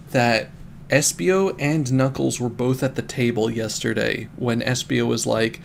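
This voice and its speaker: Gravelly man reading a story aloud. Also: mid-range voice, unhurried, a little hiss or hum. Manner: amused, laughing asides. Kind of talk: comedic dramatic reading with asides.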